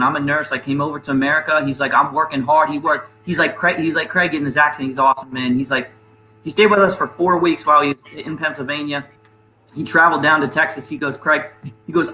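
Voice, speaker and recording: A man's voice: fairly high pitch, sharp tone, roomy sound, a little hiss or hum, poor audio. A man hosting a casual discussion, rambling and restarting his sentences as he poses questions. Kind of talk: casual debate chat.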